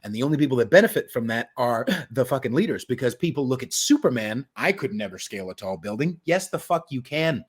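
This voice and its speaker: A man's voice: mid-range voice, animated, fast, few pauses, breathy edge. A man hosting a podcast in casual chat, rambling and cursing as he jokes. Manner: rambling, profane, joking. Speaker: podcast host. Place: home studio in New York.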